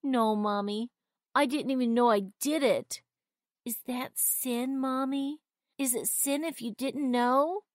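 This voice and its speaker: A woman's voice: sits high, takes it slowly, no room sound, studio quality, pitched above the performer's own voice. A woman doing a tearful little boy. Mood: pleading. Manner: sobbing, pleading.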